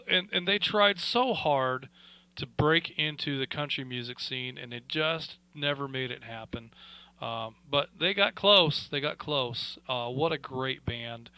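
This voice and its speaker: A man hosting an amateur radio net with a bright, forward voice. He talks in a relaxed, folksy way, full of fillers. The tone stays friendly and conversational. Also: medium pitch, unhurried, smooth, no room sound, rough recording. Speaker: radio net control host. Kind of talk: casual radio net chat.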